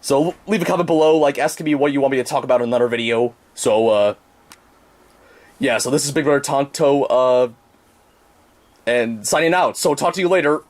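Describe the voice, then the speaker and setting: A man's voice: mid-range voice, brisk, lightly acted. A man voicing a grumpy cartoon bird who hosts his own show, rambling hesitantly with lots of ums and restarts. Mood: complaining. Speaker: show host. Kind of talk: casual chat.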